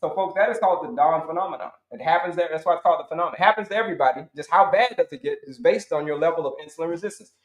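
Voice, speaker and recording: A middle-aged man, a health coach, teaching viewers in an animated, repetitive way, calling them folks. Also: a little high, rapid-fire, few pauses. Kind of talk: live-stream teaching talk. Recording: roomy echoey sound.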